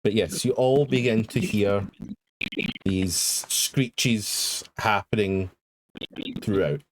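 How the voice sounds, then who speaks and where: A man narrating as game master of a tabletop horror game, slow and halting with many pauses and ums. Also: lowish voice, background noise.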